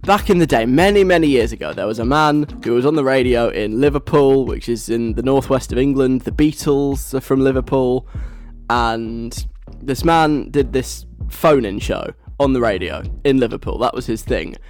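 Young guy on the radio, rambling and giggly, mid-pitched voice. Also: moderate pace, soft background music. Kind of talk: casual radio chat.

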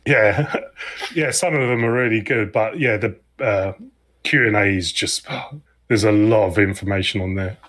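This is a man talking casually on a gaming podcast. He speaks in an easygoing, halting way, with frequent ums. His voice sits slightly low. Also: fairly bright tone. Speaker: podcast co-host.

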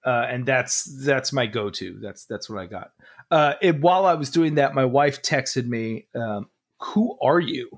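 A man's voice: mid-range voice, moderate pace. A man hosting a podcast in casual chat, hesitant and full of uhs. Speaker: podcast host.

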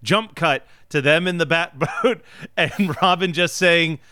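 A man with a bright, smooth voice and a slightly high pitch, co-hosting a casual movie review chat. He laughs often and acts out lines in mock-dramatic voices. The sound is dry and close. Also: takes it slowly, no room sound. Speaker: podcast co-host.

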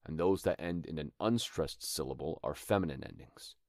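Male host, young adult, earnest teacher, very deep voice, dead dry recording. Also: normal speed, a little mellow, no room sound. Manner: earnest, explains with rhythmic examples. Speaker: acting teacher and podcast host. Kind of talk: instructional talk.

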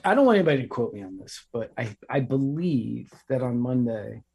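A man's voice: medium pitch, lively intonation, fairly quick, vocal fry, dark tone, breathy edge. A man co-hosting a podcast, chatting in a wry, hedging way. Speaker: podcast co-host. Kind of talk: casual show outro chat.

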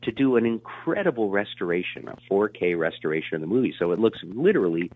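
A man in his sixties telling stories in an interview, rambling and animated, with many fillers and restarts. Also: on the low side, fast talker. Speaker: actor being interviewed. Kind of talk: casual storytelling interview. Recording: tinny phone line.

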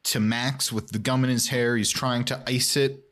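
A man's voice: mid-range voice, fairly even intonation, moderate pace, fairly bright tone. A man co-hosting a podcast, recapping episodes in a rambling, self-deprecating way. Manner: rambling, self-deprecating, quotes lines in character. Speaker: podcast co-host recapping a show. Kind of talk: casual chat.

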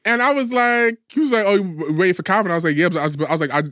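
Fast-talking man in his twenties telling stories. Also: sits high, no room sound, studio quality. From New York. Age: 20s. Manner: animated storyteller, acts out dialogue. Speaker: podcast co-host. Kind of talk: casual gossip chat.

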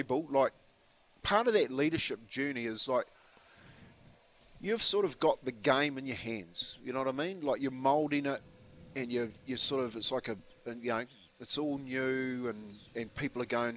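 A man's voice: medium pitch, a bit bright. A New Zealand man in his fifties, a breakfast radio co-host telling a rambling story with restarts in casual chat. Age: 50s.

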